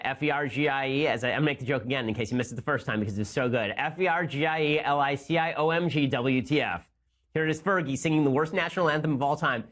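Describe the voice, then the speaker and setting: A man hosting a political talk podcast, speaking in a rapid-fire, sarcastic, mocking way. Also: mid-range voice, a bit bright. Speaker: podcast host.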